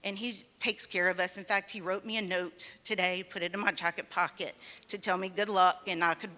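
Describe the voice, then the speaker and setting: A woman's voice: fairly low pitch, steady tone, bright, forceful tone. A woman in her forties giving an earnest personal talk as a summit speaker at an event in a museum. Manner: earnest, storytelling, quick laughs. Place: art museum event hall. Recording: long hall reverb.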